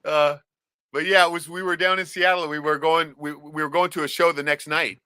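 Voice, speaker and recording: Livestream host from Alaska, male; bright, forceful delivery, a touch higher than most men; swears freely and rambles through anecdotes; dry, close sound. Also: little pitch movement, brisk, clear, resonant tone, no room sound. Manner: profane rambling storyteller, says "right?" often. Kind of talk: casual storytelling chat.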